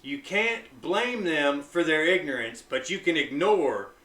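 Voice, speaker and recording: A blunt, profane man talks straight to camera in a bright, forceful voice. He swings from loud hype to low, intense talk. He stands back from the mic in an echoey room. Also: animated, a little slow, far from the mic. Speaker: vlogger on fasting. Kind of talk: casual motivational talk to camera.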